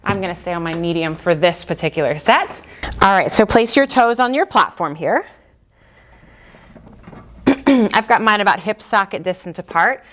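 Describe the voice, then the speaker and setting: A woman's voice: medium pitch, animated, normal speed, pauses often, fairly bright tone. Woman cueing a Pilates workout. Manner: encouraging cueing with breathing counts. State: out of breath at times. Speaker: Pilates instructor. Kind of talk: guided workout instruction.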